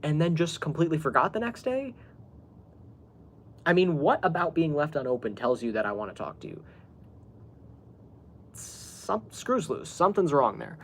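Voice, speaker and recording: A man's voice: on the high side, animated, fairly quick, a little hiss or hum. A man hosting a podcast, telling a story in a casual, exasperated way, laughing often and swearing as he quotes the people involved. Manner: exasperated, laughing, swearing, quoting others in recounted dialogue. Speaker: podcast host.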